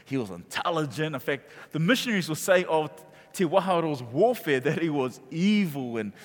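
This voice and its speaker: New pastor preaching in a hall. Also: male voice, a little high, expressive, moderate pace. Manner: call-and-response preaching, grows loud on key points. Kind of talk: sermon. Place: church auditorium. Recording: long reverb from a large hall.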